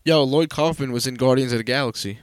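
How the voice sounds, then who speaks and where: A man co-hosting a podcast in casual chat, blunt and slangy, swearing freely and speaking in quick bursts. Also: medium pitch, smooth, dry recording, studio quality.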